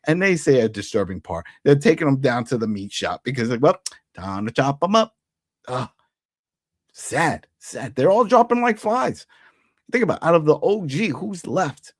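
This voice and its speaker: A man hosting a casual TV episode recap, excitedly retelling scenes and briefly acting out the characters' lines. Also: medium pitch, no echo, clean studio sound. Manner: animated, acts out characters' lines in quick put-on voices. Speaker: TV recap host.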